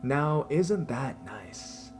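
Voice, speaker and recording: A man voicing a drunk older man on the phone, wheezing, slurred and rasping, with slow, drawn-out speech. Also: mid-range voice, sing-song, faint music behind, voice pushed up. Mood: slurring, leering.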